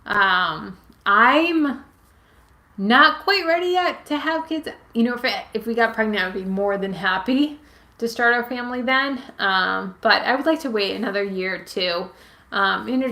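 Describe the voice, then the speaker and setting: A channel host in her late twenties, hailing from Massachusetts, chats loosely through viewer questions on a live Q&A from home, leaning on "like" and "um" as her pets hang around. Her mid-range voice has a sharp edge. Sound is recorded through a webcam or phone on the stream, with the room giving off echo.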